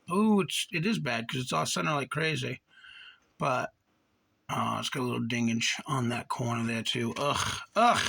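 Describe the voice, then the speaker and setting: A man hosting a card-collecting channel chats his way through a box opening, rambling and reading player names as he goes. His voice is bright and a touch high, with a gravelly fry. Faint noise sits under the recording. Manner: chatty, rambling, reads card names aloud. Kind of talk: casual box-opening commentary.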